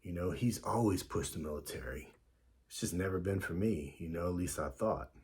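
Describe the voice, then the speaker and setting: A man's voice: low voice, expressive, moderate pace, a little mellow, slightly rough. A man casually telling a story about his past, full of fillers and quoted back-and-forth dialogue.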